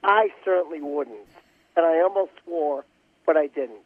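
A man's voice: on the high side, moderate pace, a crowd in the background. A man with a Boston accent calling in to a radio show, stammering and repeating his words. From Boston area. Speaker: caller. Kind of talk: call-in radio chat. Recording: dull phone line.

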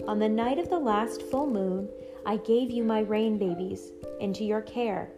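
A woman reading aloud, voicing a gentle, magical motherly spirit who speaks in a calm, tender and reassuring way. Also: medium pitch, measured pace, music in the background, natural voice. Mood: solemn.

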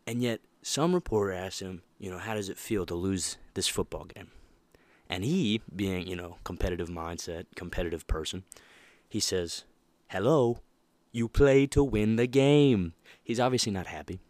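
A young man hosting a casual motivational podcast, talking in an animated, emphatic way and laughing often. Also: sits low, moderate pace, no echo. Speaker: podcast host.

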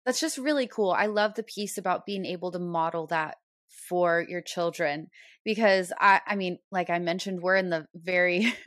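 A woman's voice: mid-range voice, dry recording, clean studio sound. A woman hosting a parenting podcast, a mother of a toddler, affirming her guest and laughing lightly as she talks. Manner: warm affirmations, laughs lightly between phrases. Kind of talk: conversational interview.

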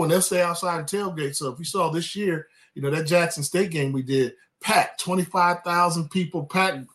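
Chatty man with a higher voice. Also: fairly bright tone. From California. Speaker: guest, former college quarterback. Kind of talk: casual sports chat.

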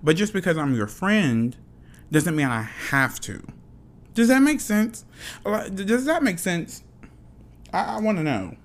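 Passionate, swearing man with a lively voice. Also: high voice, unhurried, long pauses. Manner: passionate, frank, swears often, repeats himself. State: dry mouth. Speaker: podcast host. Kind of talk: solo podcast rant.

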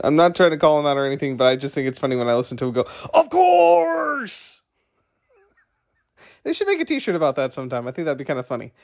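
A man hosting a podcast, talking through his views in a rambling, conversational monologue that keeps digressing. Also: medium pitch. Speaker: podcast host. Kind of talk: casual monologue.

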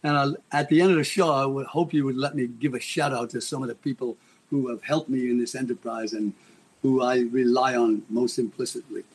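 A man's voice: medium pitch, steady tone, fairly quick, slightly rough. A man being interviewed as a guest, telling a dramatic, rambling story.

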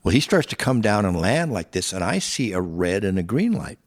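With a husky, fairly low voice full of animation, an older guitarist tells touring stories at a normal pace. His casual telling wanders, starts over at times and includes acted-out quotes.

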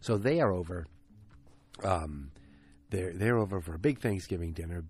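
Low husky man ranting through a recap. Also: moderate pace, darkish tone. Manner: ranting, swears, goes off on tangents. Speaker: TV episode recapper. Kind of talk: casual recap with tangents.

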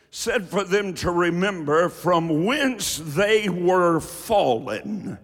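A man preaching a fiery sermon from the pulpit, dropping to low asides and rising to shouted refrains. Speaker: pastor. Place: church sanctuary with reverb. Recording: hall reverb from a large church.

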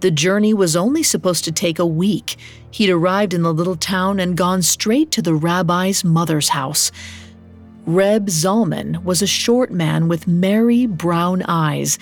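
A woman narrating a scripted story in a measured, steady reading. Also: on the low side.

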